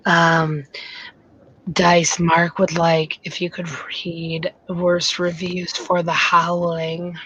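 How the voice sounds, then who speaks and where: A woman with a low, breathy voice reads out odd facts and one-liners at an unhurried pace. She keeps her delivery soft and gentle, as if doing a mock-ASMR read for a casual livestream among co-hosts. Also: completely flat delivery, highs cut off. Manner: soft, slow, breathy reading voice. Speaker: podcast co-host reading facts and jokes.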